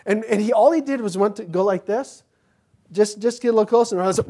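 A pastor giving an informal Bible teaching, telling rambling personal anecdotes. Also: male voice, high voice, expressive, a little fast, a little mellow.

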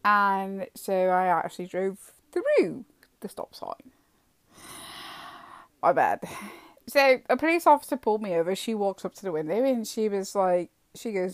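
A British woman telling a personal story in a chatty, animated vlog, acting out the dialogue as she goes. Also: medium pitch, a little slow, long pauses, no echo.

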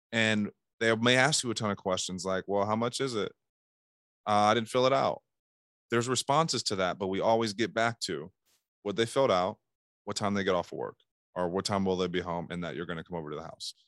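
Animated man coaching sales. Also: on the low side, brisk, no echo, studio quality. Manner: animated, acts out calls in bursts. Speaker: sales trainer. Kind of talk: casual sales coaching talk.

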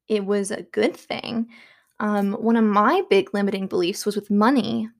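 A young woman at home talking casually about self-help, chatty and full of fillers, with soft laughs. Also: a little high. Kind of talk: casual monologue.

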